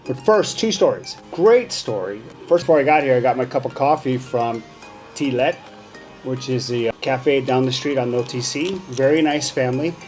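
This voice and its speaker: A man in his sixties tells stories in a casual vlog, animated and acting out the dialogue. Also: moderate pace, faint music behind. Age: 60s. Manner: animated, acts out dialogue with rising pitch. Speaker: vlogger. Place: outdoors on a sunny street.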